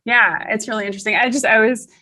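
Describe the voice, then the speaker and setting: A woman's voice: a little high, fairly even intonation, very fast, sharp tone. A woman hosting a podcast, chatty and upbeat, with many fillers between her questions. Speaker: podcast host, CPA.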